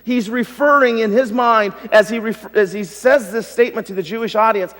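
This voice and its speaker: A male pastor preaching a sermon, swinging from loud emphasis to hushed tones. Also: sits high, normal speed. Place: church sanctuary. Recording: long reverb of a church hall.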